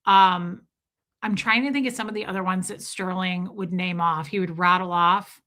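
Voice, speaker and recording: Bright, chatty woman streamer. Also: fairly low pitch, fairly even intonation, normal speed. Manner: chatty storyteller who laughs and swears freely. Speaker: livestream host. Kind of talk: casual livestream chat with viewers.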